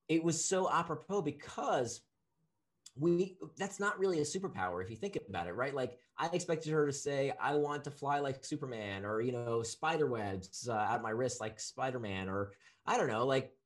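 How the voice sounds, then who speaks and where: A man, an author being interviewed on a podcast, talking with lots of laughter and quick restarts when he gets excited. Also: mid-range voice. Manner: warm, laughs easily, repeats words when excited. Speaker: author guest.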